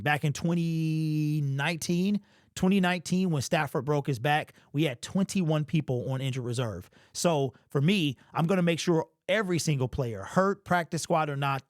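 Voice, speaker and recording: A man hosting a sports fan channel, talking in a fairly high voice. He rattles off casual, slangy takes with animated energy. The recording sounds dry and close to the mic. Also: dry recording. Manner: animated, talks fast, uses slang.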